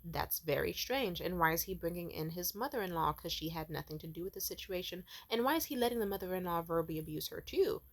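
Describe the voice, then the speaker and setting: A woman's voice: lowish voice, expressive, fast talker, few pauses. A young woman hosting a commentary rant, profane and heated, acting out quoted people in raised voices. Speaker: commentary host. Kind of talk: ranting commentary.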